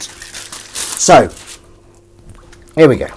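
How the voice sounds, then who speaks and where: A man's voice: fairly low pitch, big pitch swings, slow, long pauses, background noise. A man chatting casually to a live-stream audience from his home kitchen while washing up, rambling and self-mocking.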